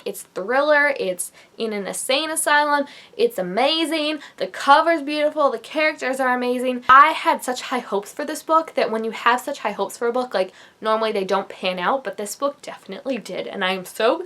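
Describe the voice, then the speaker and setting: A young woman talks through her favorite books in a casual vlog. Her voice sits a little high, and she gushes with chatty enthusiasm. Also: bright, forceful tone. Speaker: book vlogger. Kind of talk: casual book review vlog.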